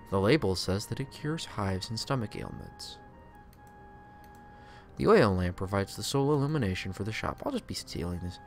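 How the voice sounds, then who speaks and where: A man's voice: fairly low pitch, lively intonation, moderate pace, faint music behind. A man streaming a game playthrough, reading the game's text aloud and adding sarcastic, profane asides.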